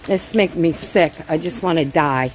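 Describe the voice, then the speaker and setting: Rain sounds clearly in the background of this rough recording of a woman vlogging at home, out on her porch and pool area. She chats casually to camera, frank and folksy, swearing freely, in a low voice at a moderate pace.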